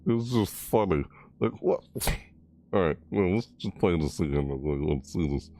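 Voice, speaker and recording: A man with a deep voice chats loosely over a video game, amused and filling every gap with little asides. His pitch swings widely as he reacts, climbing high in surprise before settling back down low. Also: lively intonation, moderate pace, background noise. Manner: rambling, amused, constant fillers and laughing. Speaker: gaming YouTuber. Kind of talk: casual gameplay commentary.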